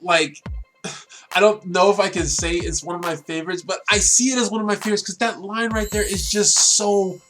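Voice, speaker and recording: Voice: medium pitch, a bit bright. A show reviewer giving a casual, earnest and emotional episode review who talks at length.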